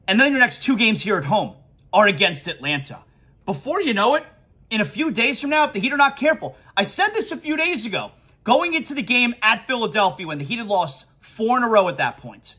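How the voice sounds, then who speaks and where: A man's voice: fairly high pitch, sharp tone, breathy edge. A man hosting a sports talk show, ranting emphatically and repeating his key points. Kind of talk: sports talk podcast rant.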